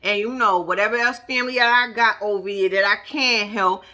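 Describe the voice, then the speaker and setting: A woman's voice: mid-range voice, a little fast, lightly acted. A woman mimicking a blunt, dismissive groom. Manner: flat, dismissive, insistent. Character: blunt demanding male reality-show groom.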